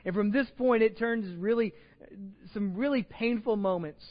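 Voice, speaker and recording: High-voiced man preaching in a reverberant church. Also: moderate pace, faint music behind. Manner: retells scripture in everyday slang, animated. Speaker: pastor. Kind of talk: sermon. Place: church sanctuary. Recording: reverberant church hall, slightly dull sound.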